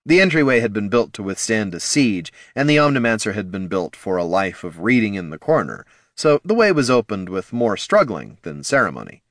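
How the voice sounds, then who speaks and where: Low-voiced male fantasy narrator. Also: fairly quick, hardly any pauses, no echo. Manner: steady, expressive storytelling.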